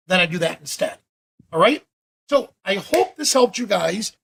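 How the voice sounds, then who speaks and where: A man teaching photo editing during a live video-call session, talking in a chatty, animated way with frequent restarts. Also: high voice, moderate pace, gravelly, breathy edge. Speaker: photography workshop instructor. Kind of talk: live online Q&A demo.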